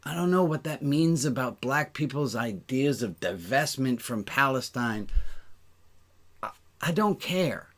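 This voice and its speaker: Man, rabbi, livestream host, slow deliberate talk, earnest, emotional, thinks out loud. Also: mid-range voice, expressive. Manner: emotional, earnest, swears at times; thinks aloud, counting and pointing at a map.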